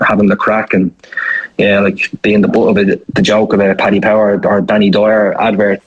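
A man's voice: fairly low pitch, fairly even intonation, moderate pace, husky, rough recording. A man working as a football journalist, talking at length in a casual, rambling radio discussion. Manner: rambling, thoughtful, many restarts.

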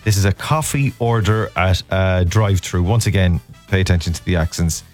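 Irish man, radio host, low voice, rambling chatty banter, music bed underneath. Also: moderate pace. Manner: rambling, chuckling, trails off with ums.

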